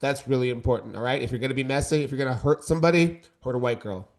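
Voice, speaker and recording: A man's voice: medium pitch, racing. A man co-hosting a casual podcast debate, talking in an emphatic, campy, joking way. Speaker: co-host.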